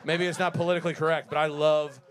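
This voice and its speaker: A man's voice: on the high side, flat delivery, quick pace. A man in his thirties doing a rambling, self-deprecating stand-up set on a live stage, often laughing at his own jokes. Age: 30s. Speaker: stand-up comedian.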